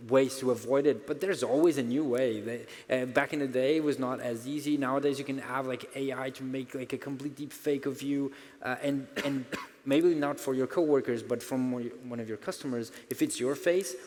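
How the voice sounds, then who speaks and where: A man's voice: mid-range voice, steady tone, normal speed, darkish tone. A man on a conference panel, speaking hesitantly with many fillers and restarts. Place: conference stage in a large hall. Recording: reverberant hall.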